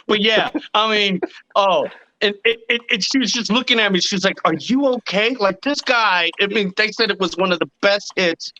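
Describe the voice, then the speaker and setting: High bright-voiced man telling rowdy stories. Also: moderate pace, muffled recording. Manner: profane storyteller, animated retelling. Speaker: podcast host. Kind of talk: casual chat.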